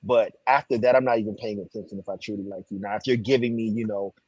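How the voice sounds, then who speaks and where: Husky low guy on the panel, sounds kinda muffled and dry. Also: fairly even intonation, fast talker, a little mellow, no room sound. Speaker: panel guest. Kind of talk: casual panel chat.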